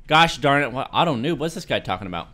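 A young man giving live gameplay commentary, excitable and self-deprecating, swinging from muttering to yelling. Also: mid-range voice, fast talker. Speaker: gaming video creator.

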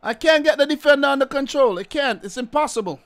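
A man's voice: very high voice, expressive, quick pace. A man giving exasperated, repetitive live commentary while playing a football video game. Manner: exasperated ranting, repeats phrases. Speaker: gaming video creator.

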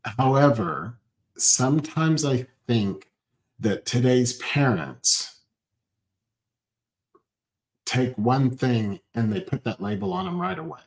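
A man's voice: medium pitch, expressive, slow, gravelly, pauses often, poor audio. Joking man reading viewer comments. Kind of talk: casual chat.

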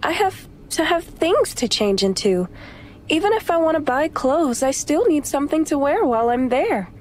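A woman voicing an eager, flustered young wife in an audiobook, bright and a little breathless. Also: high-pitched, sing-song, normal speed, a little hiss or hum. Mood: insistent.

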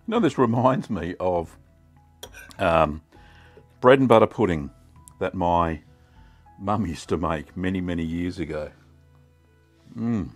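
A middle-aged Australian man hosting a casual cooking vlog, chatty and relaxed with many ums. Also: deep voice. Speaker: cheesemaking channel host.

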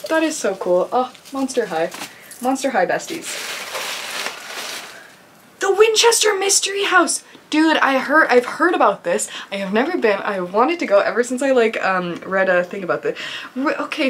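A woman's voice: on the high side, big pitch swings, moderate pace, fairly bright tone, slight background noise. A woman vlogger chatting casually as she unboxes viewer mail, gushing and effusive, full of "like" and "oh my gosh". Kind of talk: casual chat.

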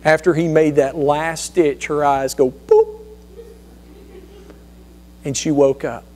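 A man in his thirties preaching a sermon, telling personal stories in an earnest, conversational way with frequent restarts. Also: on the high side. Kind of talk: sermon storytelling.

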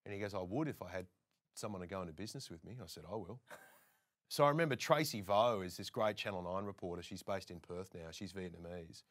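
A man's voice: low-pitched, fast. An Australian man, a presenter appearing as a guest, telling casual anecdotes and acting out other people's lines as he goes. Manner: lively storyteller who acts out other people's lines.

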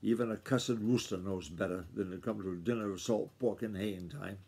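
A man's voice: mid-range voice, a little fast, lightly acted. A man reading aloud and voicing a blunt, grumbling uncle on a farm. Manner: grumbling, sharp plain talk. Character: grumbling adult farmhand uncle, blunt and protective.

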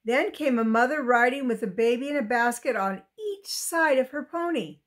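A woman reading a children's chapter book aloud with gentle asides for young listeners. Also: on the high side, normal speed. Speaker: reader.

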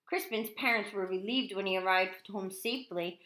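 Animated woman reading a kids book out loud, bright voice, echoey room. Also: mid-range voice, moderate pace, few pauses. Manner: animated and expressive. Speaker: children's book reader. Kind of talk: picture book read-aloud.

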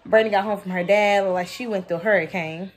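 A woman talks to her viewers at home in a casual vlog. She tells her stories in an animated, expressive way and keeps calling her audience y'all. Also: medium pitch, fast talker. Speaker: vlogger, mother of two.

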